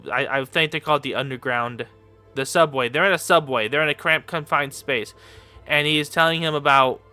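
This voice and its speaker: A man giving casual reaction commentary, rambling and repeating himself with lots of fillers, and quick to laugh and get excited. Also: on the high side, smooth. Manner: gets excited and laughs easily. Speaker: YouTube commentator.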